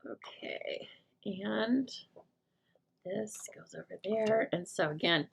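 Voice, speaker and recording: A middle-aged woman speaks slowly in a medium-pitched, creaky voice with a breathy edge while showing viewers a stamping craft live. She's chatty and jokey, thinking aloud as she goes.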